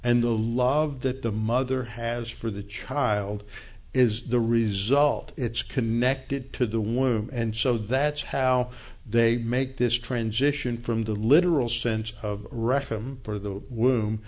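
Slow, deliberate male Bible teacher. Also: medium pitch, darkish tone. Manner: unhurried, explains Hebrew words step by step.

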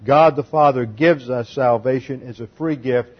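A man's voice: medium pitch, moderate pace. A man preaching a methodical expository sermon, working through Greek grammar point by point. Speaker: pastor. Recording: dull lo-fi sermon recording.

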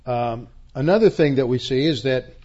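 A man's voice: mid-range voice, moderate pace, a little mellow, dull audio. A man from Texas, a pastor teaching the Bible word by word, emphatic and repeating key words, with frequent restarts.

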